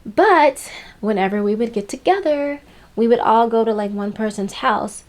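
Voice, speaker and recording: A woman's voice: on the high side, moderate pace, darkish tone. Young adult woman vlogger, casual advice storytime, emphatic and chatty. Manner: chatty and emphatic, laughs between points.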